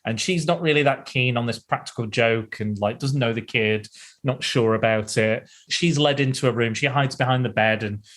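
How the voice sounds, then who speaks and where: A man's voice: mid-range voice, moderate pace, a bit bright. A man hosting a casual podcast, recapping films in a rambling way with frequent laughs and restarts. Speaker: podcast host.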